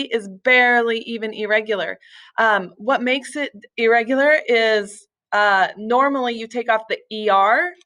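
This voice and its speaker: A woman's voice: on the high side, a bit bright. A woman teaching a recorded language lesson, explaining step by step with patience, small slips and fillers. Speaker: Spanish teacher. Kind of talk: recorded screen-share lesson.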